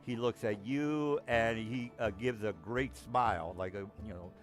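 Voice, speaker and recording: A man narrating a tabletop game as game master, halting with many ums and restarts. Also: medium pitch, soft background music.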